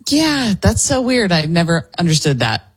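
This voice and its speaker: A young adult producer and sidekick on a talk radio show who trades quick, dry, teasing replies with the host. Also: mid-range voice, very animated, husky. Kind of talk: casual on-air banter.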